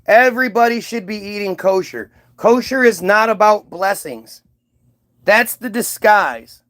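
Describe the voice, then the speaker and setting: A man's voice: sits high, measured pace, a bit bright. A man delivering a casual monologue, rambling, profane and mocking, with frequent asides and restarts. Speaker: commentator.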